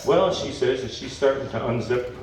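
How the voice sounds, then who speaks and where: A man emceeing a talent show, polling the crowd and telling a long joke in a folksy, playful, drawn-out way. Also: sits high, expressive, a little hiss or hum. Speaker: master of ceremonies. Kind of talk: stage joke storytelling. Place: large hall at a talent show. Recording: echoey hall from far off.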